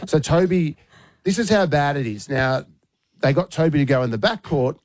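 An Australian man on a radio show, telling a story in a casual, animated way and acting out what people said. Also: on the high side, moderate pace, a little hiss or hum. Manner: animated, acts out quoted voices. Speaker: radio host.

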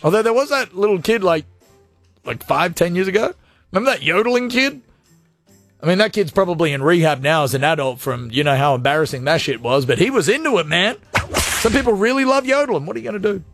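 Jokey high-voiced male radio host. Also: quick pace, dry recording, faint music behind. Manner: jokey, animated, laughs often. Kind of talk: casual radio chat reading listener comments.

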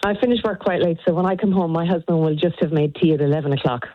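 Brief: middle-aged Irish woman caller, lowish voice, chatty and animated, dull phone-line sound. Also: quick pace, no echo. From Ireland. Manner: chatty, laughs often, animated storytelling. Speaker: radio caller. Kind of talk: casual phone-in chat.

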